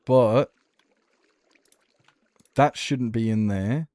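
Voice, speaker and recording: Male game streamer, casual rambling chat, mid-pitched voice, dry close sound. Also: very slow, warm tone, no room sound. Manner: rambling, answers chat, trailing restarts. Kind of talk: casual chat while gaming.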